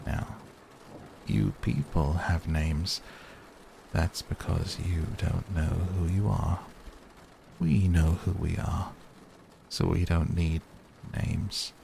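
A man voicing a self-assured male cat in a storybook reading, speaking dryly and with quiet condescension. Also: low-pitched, gravelly, a little hiss or hum, exaggerated voice. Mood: dry aloof. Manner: dry, unhurried, condescending.

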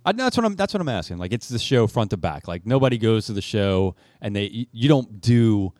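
A man hosting a podcast, asking relaxed, curious questions in casual chat. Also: fairly low pitch, a little fast, dry recording, studio quality. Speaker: podcast host.

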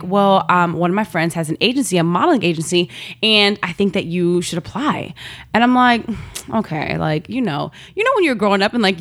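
A woman telling a story in casual chat, animated and slangy, often laughing and acting out what people said. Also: medium pitch. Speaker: guest, model.

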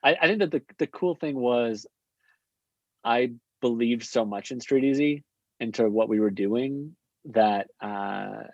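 A young man, a guest, telling stories casually, quick and chatty with many fillers. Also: mid-range voice, no echo. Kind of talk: casual storytelling. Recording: dull lo-fi sound.

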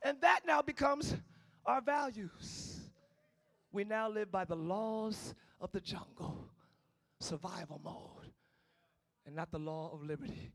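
A male pastor preaching a sermon in church, swinging between shouted lines and low, quiet passages. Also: lively intonation, takes it slowly, gravelly. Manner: preaching with call-outs, shifting between shouting and low tones. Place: church sanctuary.

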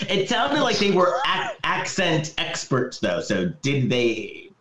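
A man co-hosting a chatty podcast walks through a movie's plot at a slow, unhurried pace. His voice sits a little high, and his laughter breaks into the retelling. The sound carries an echoey room. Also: huge pitch swings, crowd noise. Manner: laughing, storytelling recap with quoted lines. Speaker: podcast co-host. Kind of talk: casual chat recapping a movie.

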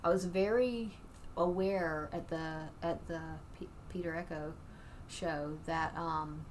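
A woman's voice: fairly low pitch, fairly even intonation, slow, a little hiss or hum. A woman stand-up comedian talking casually, rambling and repeating herself as she thinks aloud. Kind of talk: casual chat.

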